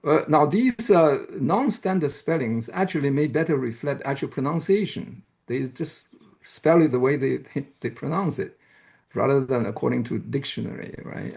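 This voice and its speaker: A man giving an academic lecture who explains step by step, pauses often and checks in with the audience. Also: medium pitch, gravelly, darkish tone. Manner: hesitant, with frequent "uh" and restarts. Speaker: university lecturer.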